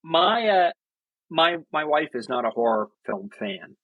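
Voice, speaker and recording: A man's voice: a little high, very animated, unhurried, dry recording, narrow, tinny audio. A man who is a guest author, talking enthusiastically and thoughtfully in a casual interview.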